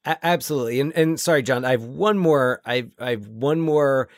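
A man's voice: medium pitch, moderate pace, no echo, studio quality. A man co-hosting a podcast, talking about films in a rambling way with many fillers and restarts. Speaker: podcast co-host. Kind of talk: casual film discussion.

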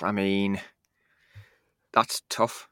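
A man co-hosting a podcast in casual chat, self-deprecating and quick to laugh. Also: fairly low pitch, little pitch movement, fairly bright tone, smooth, no echo, clean studio sound. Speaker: podcast co-host.

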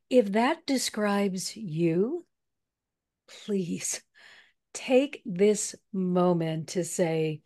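A woman spiritual counselor speaking as a podcast guest, deliberate and earnest in an encouraging way. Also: mid-range voice, animated, mellow. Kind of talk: motivational interview talk.

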